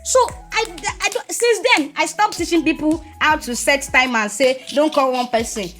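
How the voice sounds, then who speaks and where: A young woman speaks candidly on a podcast, telling her own story with earnest, lively storytelling and the odd burst of laughter. Her voice sits a little high, and faint music runs underneath. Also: normal speed. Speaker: podcast guest. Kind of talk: candid personal testimony.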